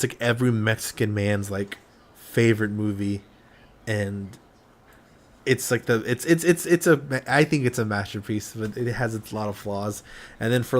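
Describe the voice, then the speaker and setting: Low-voiced guy hosting, casual and swears a lot, gets hyped. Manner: loose, profane, enthusiastic. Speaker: podcast host. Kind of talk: casual chat.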